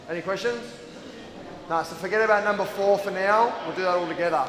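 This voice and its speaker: A man's voice: sits high, brisk, a crowd in the background, poor audio. An Australian man who coaches and owns a gym, chatting casually between workouts and calling out counts to his team. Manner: relaxed and chatty, full of fillers, calls out counts loudly during drills. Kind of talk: casual vlog talk and coaching a group. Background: loud hip hop music.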